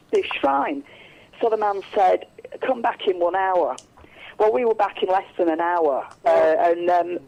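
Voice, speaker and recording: A woman tells long stories as a guest on a radio interview, rambling along with restarts and fillers. Her voice has a gravelly edge. The sound is dull and lo-fi, like an old radio recording. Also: mid-range voice. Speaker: psychic medium guest.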